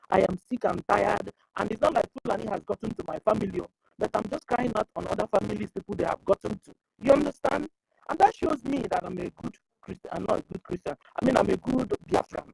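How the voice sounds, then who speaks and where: A woman's voice: mid-range voice, vocal fry, a little mellow, no room sound, rough recording. A woman speaking on an online group call, rambling and repeating "you understand?". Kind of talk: emotional call-in speech.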